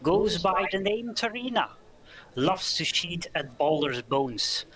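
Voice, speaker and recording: A man voicing a loud, rough-voiced thug who calls out across a tavern in a tabletop game. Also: high voice, very animated, slow pace, heavily acted, low-quality recording. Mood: demanding. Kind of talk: tabletop game role-play.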